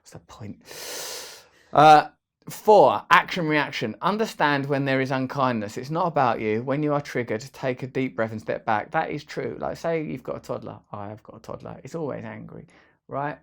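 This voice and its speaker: A man's voice: mid-range voice, moderate pace, vocal fry. A man hosting a casual, rambling vlog, full of playful jokey asides. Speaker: host.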